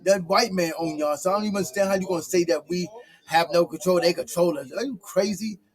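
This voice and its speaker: High-voiced black dude ranting, combative, scolding, lots of questions. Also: male voice. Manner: combative, scolding, rapid-fire rhetorical questions. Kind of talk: heated commentary.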